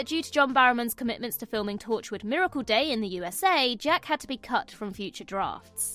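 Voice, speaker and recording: A woman's voice: on the high side, a bit bright. A woman hosting a trivia video in scripted narration, with playful, jokey asides. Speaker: host.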